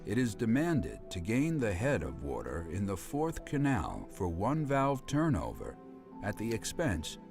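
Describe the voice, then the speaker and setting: A man voicing a reclusive male scientist reading diary notes in a video game, in a flat, unacted script-reading manner. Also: lowish voice, measured pace, over music, exaggerated voice.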